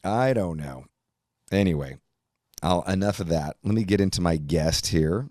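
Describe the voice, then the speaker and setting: A middle-aged man hosting a podcast, rambling through a profane, animated monologue. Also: low-pitched, normal speed, no echo, clean studio sound. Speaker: podcast host. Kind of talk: casual chat.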